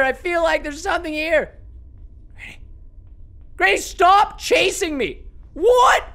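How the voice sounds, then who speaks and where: High, excitable young man yelling. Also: vocal fry. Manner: excitable, yelps and shouts in panic, taunts the game. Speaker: gaming YouTuber. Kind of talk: horror game commentary.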